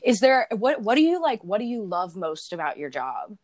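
A woman's voice: medium pitch, very animated, normal speed, a little mellow, no echo. A young woman with a slight Southern accent, hosting a podcast in a rambling, casual way full of fillers. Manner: friendly, rambling, lots of fillers. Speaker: podcast host. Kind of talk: casual interview chat.

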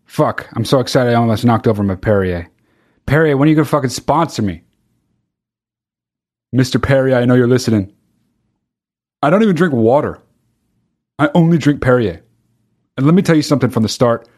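A man's voice: medium pitch, expressive, fast, darkish tone. A man hosting his own podcast, talking in a profane, rambling comedic monologue that keeps interrupting itself. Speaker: podcast host.

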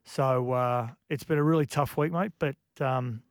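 A man's voice: medium pitch, steady tone, no room sound, studio quality. Man speaking emotionally on radio. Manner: emotional, reflective, halting with many restarts. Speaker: radio co-host. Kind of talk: casual radio chat.

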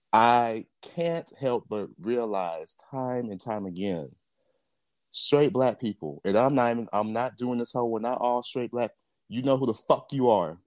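A man's voice: medium pitch, darkish tone, dry recording. A man co-hosting a podcast, talking in a blunt, profane and impassioned casual rant. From Jamaica. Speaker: podcast co-host.

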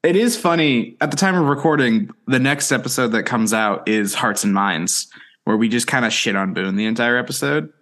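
A young adult man co-hosting a podcast, teasing his co-host and recapping plot in steady narration. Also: mid-range voice, normal speed. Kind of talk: casual chat and episode recap.

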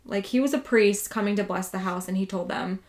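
A woman's voice: medium pitch, brisk, a little mellow. Woman podcast host, casual storyteller, chatty with swearing. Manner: casual, swears freely, lots of "like". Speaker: podcast co-host telling a true haunting story.

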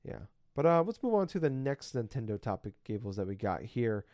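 A man's voice: mid-range voice, sing-song, brisk, dark tone, no echo, studio quality. A man in his thirties hosting a casual podcast, rambling and ranting with lots of swearing. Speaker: podcast host.

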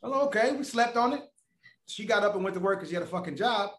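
Animated man telling stories, echoey room. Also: sits high, quick pace. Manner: animated, profane, acts out voices of others. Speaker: podcast guest. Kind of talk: casual storytelling.

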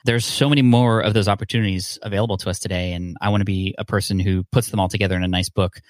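A man's voice: sits low, fairly even intonation, fast, dry recording. A man hosting a podcast, talking casually and earnestly with a guest. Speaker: podcast host. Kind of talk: casual interview chat.

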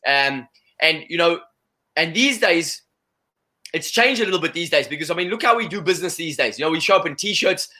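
A man talking as an interview guest, animated and full of "you know" fillers. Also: fairly high pitch, brisk. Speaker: guest, salesperson. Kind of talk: conversational interview.

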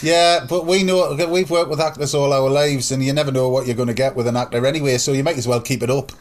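A man's voice: medium pitch, quick pace. A man with a Geordie accent, chatting jokily as a co-host and slipping into mimicked voices. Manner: jokey, animated, mimics voices. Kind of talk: casual chat.

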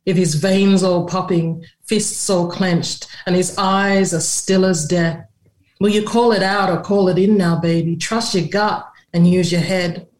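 A woman's voice: fairly low pitch, steady tone, a little slow, a little mellow. A woman poet reading her own poem aloud with a rhythmic, spoken-word delivery. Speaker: poet and author, guest. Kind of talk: poetry reading. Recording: echoey room sound.

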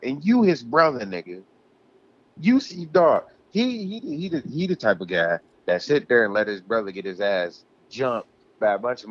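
A man's voice: mid-range voice, highs cut off. A man co-hosting a casual podcast, ranting heatedly and swearing a lot. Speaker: podcast co-host.

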